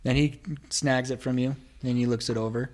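Man, game master, casual halting narration, mid pitch. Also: fairly even intonation, a little mellow.

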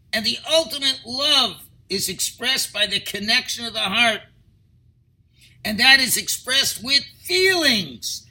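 A man's voice: sits high, pushed and bright, breathy edge, poor audio. A man teaching a Torah lecture as a rabbi, explaining earnestly through stories and rhetorical questions.

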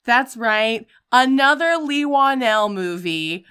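A woman hosting a casual chat, recapping a film in an animated storytelling way and acting out scenes with shouts. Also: a little high, takes it slowly, smooth. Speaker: podcast host recapping films.

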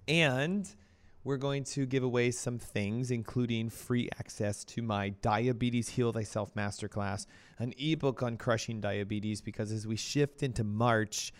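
Hoarse, chatty male radio health host. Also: mid-range voice. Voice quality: coughing, strained voice. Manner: energetic, chatty, breaks into playful quoted voices. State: hoarse from laryngitis. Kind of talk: casual health talk show.

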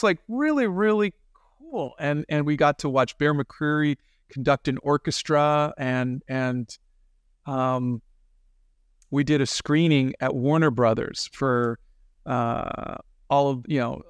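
A man guest in an interview, telling lively anecdotes in casual talk and acting out the people he quotes. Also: mid-range voice, measured pace, clear, resonant tone, dry recording. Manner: animated anecdotes with quoted voices. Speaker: guest, animator and film director.

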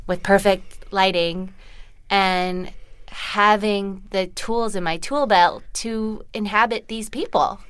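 A woman with a Southern California accent, whose first language was Korean, talks as an interview guest in a clear, smooth voice. She is chatty and self-mocking, sprinkling "like" through her sentences. The sound is dry and close, with no room around it. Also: mid-range voice, a bit bright, no room sound. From United States. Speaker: actress guest. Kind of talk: casual interview chat.

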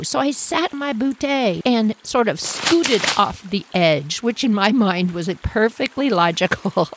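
A middle-aged woman telling childhood stories in a casual, animated way, laughing often and acting out little voices. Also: on the high side, measured pace, noisy background. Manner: animated, giggly, acts out voices. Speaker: storyteller host. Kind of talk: casual personal storytelling.

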